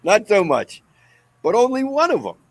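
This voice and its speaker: A man, the guest, telling a comic story in an animated, excitable way. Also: high voice, normal speed, no echo. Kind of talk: comedic storytelling.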